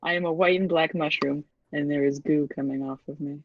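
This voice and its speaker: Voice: mid-range voice, fairly even intonation, quick pace, dry recording. A tabletop game player chatting playfully while describing their character's actions. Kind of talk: casual tabletop play. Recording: dull lo-fi recording.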